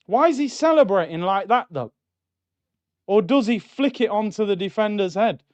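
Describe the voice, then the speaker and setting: A young man with a high-pitched voice streams a live football watchalong at normal speed, excitedly shouting at goals, then grumbling and reading out chat comments. The lo-fi audio has no room sound.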